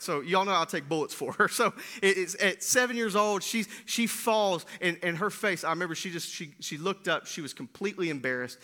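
A man preaching a sermon, swinging between loud bursts and hushed lines, often asking "right?". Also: high-pitched. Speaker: pastor.

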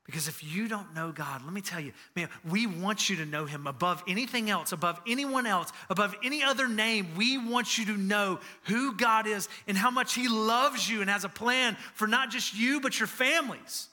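A male pastor in his thirties preaching a sermon with a high, very bright voice. He speaks earnestly and personally, weaving in family stories and repeating key phrases for emphasis. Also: normal speed, hardly any pauses.

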